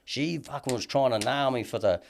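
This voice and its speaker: A man's voice: medium pitch, a little fast, gravelly. An Australian man telling a long story in casual chat as a podcast guest, swearing heavily and rambling with lots of "you know what I mean".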